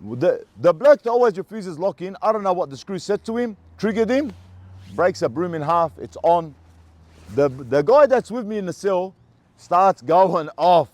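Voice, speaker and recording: Animated Australian man telling a story. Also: a little high, normal speed, dry recording. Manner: animated, repeats words, acts out sounds. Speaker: former prisoner telling his story. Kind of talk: casual storytelling to camera.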